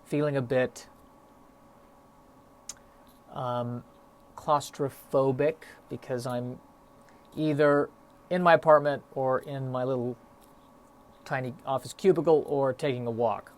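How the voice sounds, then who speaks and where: A young man talks alone into his podcast mic, in a loose, stop-start monologue full of self-mocking asides and fillers. He sounds a little out of breath. His voice sits at an ordinary middle pitch. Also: steady tone, slow, pauses often, slight background noise. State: a bit out of breath. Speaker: solo podcast host. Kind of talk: rambling solo podcast monologue.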